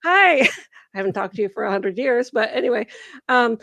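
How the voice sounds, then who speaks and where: Host, woman, middle-aged: gravelly, lively storyteller, close dry mic. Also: fairly high pitch, fast talker, no room sound. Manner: animated, acts out quoted voices with laughter. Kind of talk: casual conversational storytelling.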